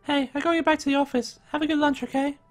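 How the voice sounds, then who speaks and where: A man voicing an upbeat young woman roommate in a high falsetto, chatty and apologetic. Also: fairly even intonation, quick pace, no echo, soft background music. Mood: cheerful.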